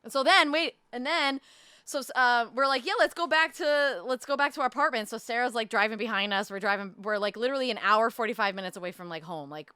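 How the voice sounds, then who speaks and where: A young woman telling a story in casual chat, animated, full of fillers and swearing, close to the mic. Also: fairly high pitch, fast, clear, resonant tone, dry recording. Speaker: podcast co-host telling a story. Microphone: close desk mic.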